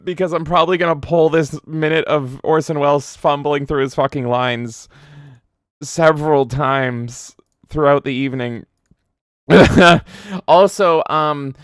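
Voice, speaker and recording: A man from Canada hosts a game livestream in a loose, profane, excitable ramble. His voice is smooth and clear, and the sound is dry and close with no room echo. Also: on the high side. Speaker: game streamer host. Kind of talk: casual livestream chat.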